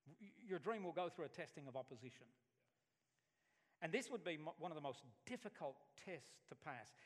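With a long reverb tail trailing his fairly high voice, an Alabama pastor preaches a sermon and animatedly tells stories, acting out voices as he goes.

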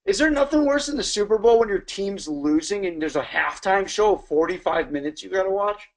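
A man's voice: sits high, lively intonation, a little fast. A man co-hosting a podcast in casual chat, bantering bluntly and swearing. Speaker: podcast co-host.

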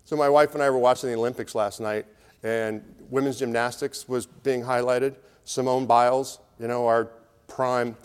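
A middle-aged man, a pastor, preaching a conversational, storytelling sermon. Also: medium pitch. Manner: conversational, storytelling preaching with acted crowd voices. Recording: long hall reverb.

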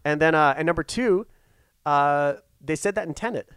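A man's voice: on the high side, normal speed, fairly bright tone, clear, resonant tone, no room sound. A man working as a safety consultant, telling a story in casual chat, rambling with lots of restarts and fillers.

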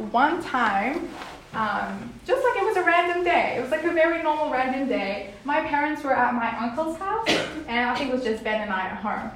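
Young woman, personal testimony, rambling with fillers, fairly high voice, very echoey room, distant mic. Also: fairly bright tone. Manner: rambling, many fillers and restarts. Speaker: testimony speaker. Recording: echoey room from far off, faint noise.

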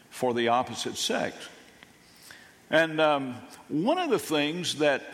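An older man preaching a sermon as pastor, folksy and halting, with many restarts. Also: medium pitch. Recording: long reverb of a church hall.

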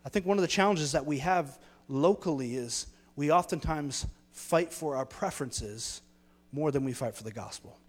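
A man's voice: on the high side, moderate pace, big-room sound. A man preaching a sermon as pastor, earnest and storytelling, building his points through repeated phrases.

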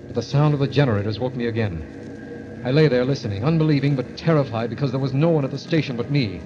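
A man's voice: medium pitch, fast. A man narrating and acting in an old radio drama, tense and fearful. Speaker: narrator and lead character. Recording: dull old radio play recording with music.

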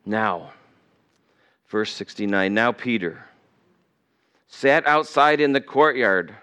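This pastor's voice is medium in pitch, a touch bright, clear and resonant. He delivers his sermon in a church sanctuary in a chatty manner, occasionally performing the lines of characters he quotes.

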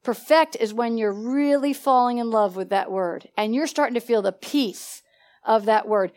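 A woman preaching a sermon with animated energy. She laughs often and prompts her listeners to finish her sentences. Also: a little high, moderate pace.

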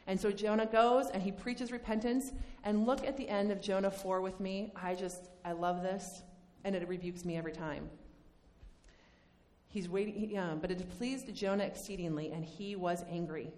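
A woman teaching a Bible study lesson in a conversational, animated way, acting out the lines she quotes. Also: medium pitch, normal speed. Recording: long hall reverb.

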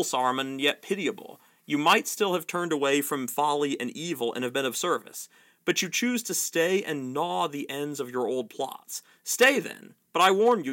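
A man voicing a stern, commanding old male wizard who speaks slowly and deliberately, read aloud from a book. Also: a little high, pushed and bright.

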